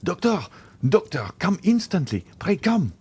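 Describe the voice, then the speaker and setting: A man voicing a stunned gentleman calling loudly for a doctor. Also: high-pitched, very animated, unhurried, slightly rough, voice pushed up, full character voice. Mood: frantic. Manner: shouting for help. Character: stunned official man, frantic calls.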